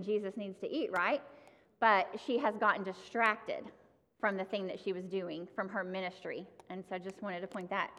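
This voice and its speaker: Speaking conversationally and directly to her congregation, a woman delivers a sermon as preacher. Her medium-pitched voice is a bit bright, and the recording carries a long hall reverb.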